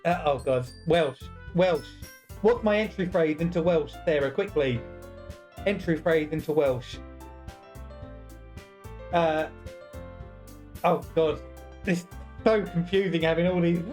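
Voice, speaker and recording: A chatty game streamer talks through a playthrough in a relaxed, casual way. The voice often dissolves into giggles, while faint music plays softly in the background. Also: mid-range voice, slow pace, long pauses. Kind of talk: casual let's-play commentary.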